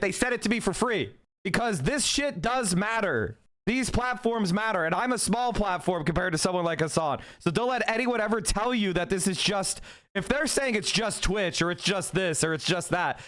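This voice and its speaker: Guy streaming to chat, pretty high voice for a man, worked up, swears a lot and says stuff twice to hammer it home. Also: expressive, normal speed, a bit bright. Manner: heated, emphatic, repeats himself for force; profane. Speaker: livestreamer. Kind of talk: livestream commentary, reacting to chat.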